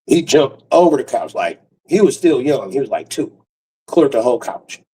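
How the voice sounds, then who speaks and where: Brief: a man doing loose, profane comic storytelling with a mellow tone, recorded a bit off-mic. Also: mid-range voice, very animated, moderate pace, far from the mic, a little hiss or hum, poor audio. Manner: loose, profane and laughing, with frequent restarts. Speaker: comedian.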